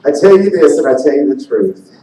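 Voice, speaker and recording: A man in his thirties, a visiting evangelist, who speaks to a church congregation and then sings in worship, getting loud and animated when excited. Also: on the high side, brisk, slight background noise. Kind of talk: church sermon and worship singing. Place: large church sanctuary. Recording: echoey hall picked up from far off.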